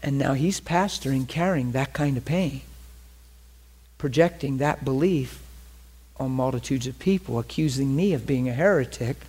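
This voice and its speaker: A man's voice: mid-range voice, moderate pace, a little mellow, slightly rough. A man preaching a sermon in a conversational storytelling manner, often checking that his listeners follow him.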